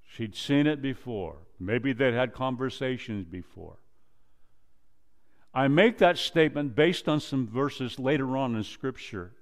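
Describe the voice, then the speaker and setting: A male pastor preaching a sermon, quoting scripture and acting out dialogue, swinging from loud emphasis down to a low hush. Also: expressive. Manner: preaches slowly, rises loud then drops to a low hush; quotes scripture and acts out dialogue.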